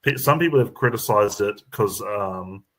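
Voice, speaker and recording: Rambling New Zealand man, low voice. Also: normal speed, fairly bright tone. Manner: rambling, full of ums and restarts. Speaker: comedian guest. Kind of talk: casual chat.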